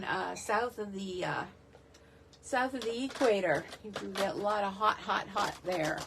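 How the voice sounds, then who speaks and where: A woman's voice: medium pitch, slight background noise. A woman from the northeastern United States hosting a casual live stream from her home craft room. She chats in a rambling way and greets viewers by name.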